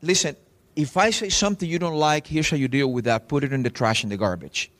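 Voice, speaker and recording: A man's voice: on the high side, a little fast. A man, a pastor preaching a sermon in church and telling stories straight to the congregation. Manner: animated storytelling preacher, addresses crowd directly.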